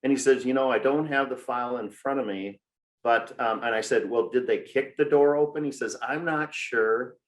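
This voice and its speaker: A grieving father from Minnesota, telling his story in a podcast interview with measured, deliberate storytelling and frequent fillers. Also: mid-range voice. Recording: echoey room.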